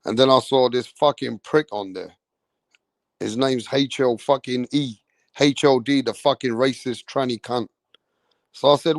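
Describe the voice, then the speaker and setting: A man's voice: medium pitch, measured pace, long pauses, no room sound, clean studio sound. A man from England with an English accent, hosting a boxing channel and ranting angrily on a livestream, swearing constantly and repeating himself. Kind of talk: profane livestream rant.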